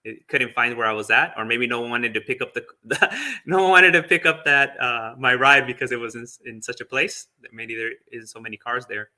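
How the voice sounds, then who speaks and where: A Buddhist monk with a medium-pitched, sharp-toned voice tells a personal story at a brisk pace. He's chatty and casual, sprinkling in fillers and small laughs.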